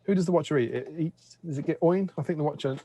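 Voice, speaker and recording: A man's voice: a little high, quick pace, mellow, slightly rough, no echo. A man co-hosting a tabletop wargame stream over a video call, chatting casually and rambling with fillers. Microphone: remote video call.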